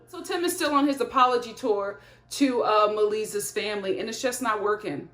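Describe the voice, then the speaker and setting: A woman hosting a casual reality TV recap, talking in an animated, gossipy way with frequent laughs. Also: medium pitch, a little fast, roomy sound.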